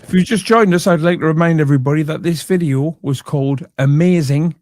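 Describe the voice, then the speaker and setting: A man's voice: fairly high pitch, brisk, darkish tone, no room sound. Dry sarcastic male commentator. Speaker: commentary host. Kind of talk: mocking comedy commentary.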